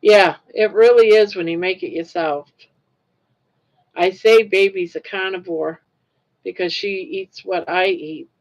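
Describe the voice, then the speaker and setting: Older woman with a gravelly voice, chatting. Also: on the low side, a little slow. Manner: rambling, chatty, greets viewers, laughs easily. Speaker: livestream host. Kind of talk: casual chat while crocheting on a livestream. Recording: lo-fi livestream audio.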